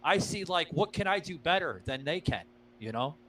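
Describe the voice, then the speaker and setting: A man's voice: a little high, animated, normal speed, fairly bright tone, slight background noise, rough recording. Profane, rambling male podcast host. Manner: loose, profane, filler-heavy, keeps addressing listeners as guys. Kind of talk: casual podcast chat.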